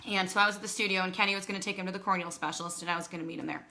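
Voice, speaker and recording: A woman in her thirties telling her own story into her phone, chatty and animated, acting out quoted dialogue and fighting back tears. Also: on the low side, very fast. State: emotional, holding back tears. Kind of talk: casual personal storytelling to a phone camera.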